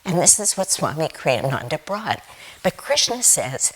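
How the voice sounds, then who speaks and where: A woman giving a Sunday sermon, reading scripture quotes in a slow, tender way. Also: low-pitched, sing-song, poor audio. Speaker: guest speaker at Sunday service.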